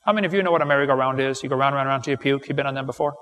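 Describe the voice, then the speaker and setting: A middle-aged man giving a live seminar lecture, telling folksy stories and firing off quick jokes to a live audience. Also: mid-range voice, fairly bright tone. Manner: folksy, wisecracking, quick storytelling with punchlines. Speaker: creation seminar speaker. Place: large hall with live audience. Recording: live recording in a reverberant hall.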